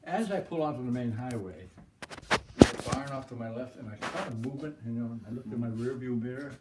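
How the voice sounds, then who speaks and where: An older man from the Boston area spins rambling, folksy stories and keeps chuckling along the way. His voice comes from a distance, caught by a camera mic across a room. The room is echoey and has steady background noise behind him. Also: mid-range voice, a little fast. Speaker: storyteller. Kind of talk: casual anecdote telling.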